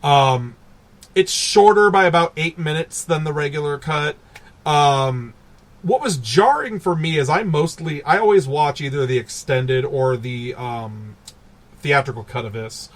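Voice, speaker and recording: A man co-hosting a casual podcast, animated and laughing as he recaps films and acts out characters. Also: a little high, unhurried. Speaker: podcast co-host. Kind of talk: casual chat.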